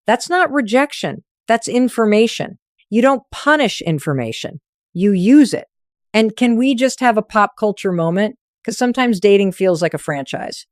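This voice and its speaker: A woman's voice: lowish voice, no echo, studio quality. A woman delivering a scripted motivational monologue on relationships, direct and emphatic in punchy short sentences. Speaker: relationship advice speaker.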